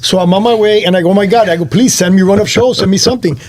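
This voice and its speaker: A man hosting a casual chat, telling an animated story and acting out the other people's voices. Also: high voice, rapid-fire. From Miami area. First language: not Spanish first; speaks English and Spanish. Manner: animated, acts out voices in his stories. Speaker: host.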